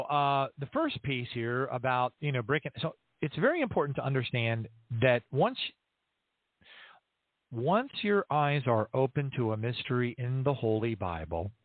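A man's voice: medium pitch, no room sound. A man hosting a Christian show, casually teaching from the Bible and telling stories where he acts out both sides of a conversation. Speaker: Christian radio show host. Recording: tinny phone-line sound, dry.

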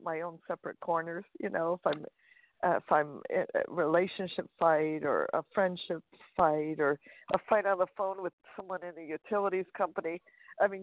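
A woman guest author talking in an upbeat, chatty way, with many fillers and restarts. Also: lowish voice. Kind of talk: interview over a phone line. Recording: dry, tinny phone line.

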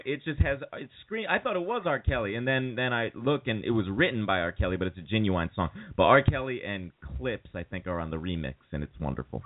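A man's voice: on the low side, lively intonation, brisk, hardly any pauses. A man co-hosting a podcast, telling jokey stories in casual chat. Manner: jokey storyteller who slips into voices. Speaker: podcast co-host. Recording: phone-like call audio.

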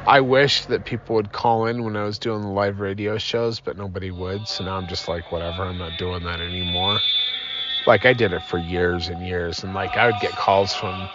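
A man's voice: fairly low pitch, steady tone, moderate pace, hardly any pauses, muffled recording, background noise. A man hosting a podcast from inside his car, sleepy and yawning, rambling and self-deprecating with many fillers. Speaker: podcast host. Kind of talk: casual rambling podcast talk.

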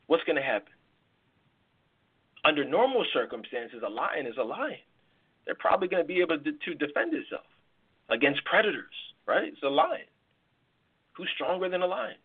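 At a live podcast taping with a tinny, phone-like sound, a man who hosts the podcast and works as a life coach gives emphatic relationship advice. His mid-range voice is slightly rough, and he repeats words and explains through analogies.

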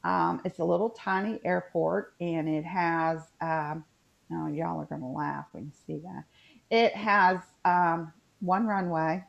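A woman with a Southern Appalachian accent talks in a loose, rambling way, full of fillers. Her voice sits a little low. The video call audio is dull and lo-fi. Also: fairly even intonation, measured pace, vocal fry. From West Virginia. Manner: rambling, chatty, many fillers. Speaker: podcast co-host. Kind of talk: casual chat.

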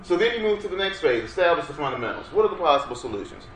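A man's voice: on the high side, racing. A man presenting an interactive workshop lecture with energy, urging the audience to answer. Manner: energetic, coaxes audience to respond. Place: workshop room. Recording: roomy room sound, faint background noise.

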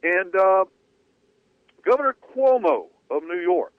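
A man's voice: sits high, big pitch swings, slow, dry recording. A man co-hosting sports talk radio, telling a story in a loose conversational way. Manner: conversational, hedging with fillers. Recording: dry tinny phone-like radio audio.

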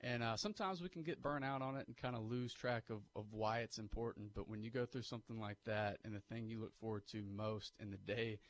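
A man's voice: on the low side, fairly quick, few pauses. Man, sports radio co-host, emphatic opinions, studio mic. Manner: animated, pushes hot takes and emphatic opinions. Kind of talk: casual sports talk radio. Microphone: studio microphone.

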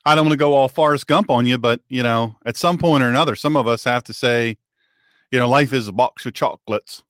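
A man's voice: mid-range voice, fast talker, a bit bright, dry recording, studio quality. A male radio show host and pastor, talking in a folksy, sarcastic monologue with a joking mock-drawl.

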